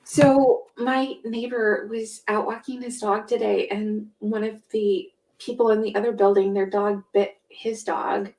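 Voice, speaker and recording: Woman cohost rambling excitedly, lots of "like", casual podcast chat. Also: mid-range voice, a little slow. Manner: rambling, filler-heavy, excitable storytelling. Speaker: podcast co-host. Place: home.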